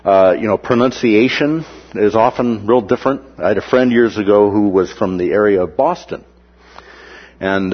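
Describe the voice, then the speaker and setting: A man's voice: lowish voice, big-room sound, lo-fi sound. A man teaching through a Bible passage in a conversational way, with many "uh" and "right?" asides, sometimes acting out the quoted voices.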